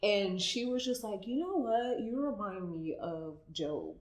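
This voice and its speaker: A woman's voice: medium pitch, animated, a little slow. A woman on a podcast who tells a personal story emotionally, with lots of "like" fillers. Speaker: guest co-host. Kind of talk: casual podcast chat. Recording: echoey room.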